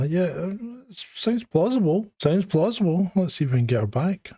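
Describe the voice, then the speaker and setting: A man's voice: high-pitched, sing-song, normal speed, warm tone, husky. A man hosting a podcast in casual chat, teasing his guest and laughing often. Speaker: podcast host.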